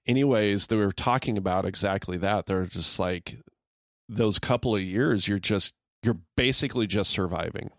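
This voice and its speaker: A man's voice: lowish voice, normal speed, no room sound, clean studio sound. A middle-aged man co-hosting a podcast in easygoing, rambling casual chat, laughing often. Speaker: podcast co-host.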